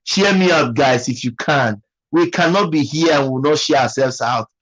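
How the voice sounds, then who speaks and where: A man's voice: fairly high pitch, normal speed, fairly bright tone, low-quality recording. A Nigerian man hosting a casual livestream, chatting and teasing while reading viewers' comments. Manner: chatty, repeats phrases, teasing. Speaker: livestream host.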